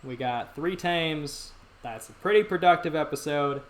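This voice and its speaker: This gaming channel host is a young man with a fairly high, unhurried voice. While playing, he chats to viewers in a rambling, casual way, often starting over mid-thought.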